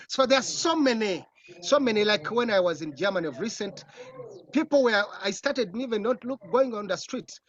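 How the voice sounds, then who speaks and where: Animated Ugandan man telling stories. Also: high-pitched, normal speed. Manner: animated storytelling, acts out voices, laughs often. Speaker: film director. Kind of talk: casual interview answers. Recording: dull, muffled audio.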